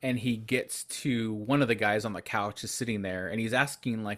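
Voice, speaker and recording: A man co-hosting a horror movie podcast, retelling scenes in a loose, animated way and acting out characters' lines. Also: on the low side, moderate pace, hardly any pauses. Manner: animated storyteller, acts out lines. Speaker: podcast co-host. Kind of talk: casual movie review chat, retelling scenes.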